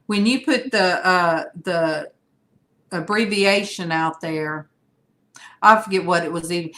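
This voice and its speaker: Slow-talking older woman livestream host. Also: medium pitch, a bit bright. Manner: chatty, rambling, greets viewers by name. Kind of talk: casual livestream chat.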